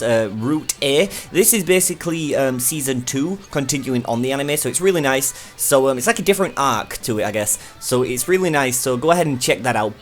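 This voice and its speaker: A young man casually reviewing an anime, chatty and enthusiastic, with lots of fillers. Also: fairly high pitch.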